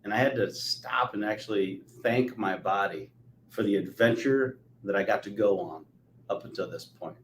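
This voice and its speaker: A man in his forties hosting a podcast interview, telling stories with lively energy. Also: lowish voice, moderate pace, a little hiss or hum. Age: 40s. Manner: animated storyteller, acts out quotes. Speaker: podcast host. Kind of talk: conversational interview. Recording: echoey room.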